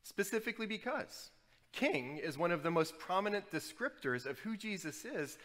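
A man from New Orleans preaching a sermon, with animated storytelling and wry asides. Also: sits high, normal speed, big-room sound. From New Orleans, USA. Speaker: pastor.

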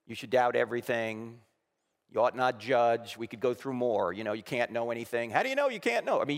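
A man's voice: medium pitch, in a large hall. A man preaching a sermon to a congregation, emphatic and full of rhetorical questions, acting out the voices he quotes. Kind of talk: sermon with slides. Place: church auditorium.

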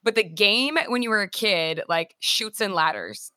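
A woman's voice: mid-range voice, unhurried, pushed and bright, no room sound, studio quality. A woman host and fitness instructor chatting casually, full of fillers and fond of analogies. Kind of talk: casual interview chat.

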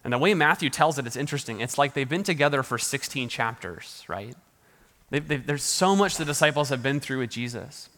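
A man's voice: mid-range voice, lively intonation, a little fast, pushed and bright. Man preaching in a reverberant hall. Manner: conversational preaching with frequent restarts and light laughs. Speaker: pastor. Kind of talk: sermon.

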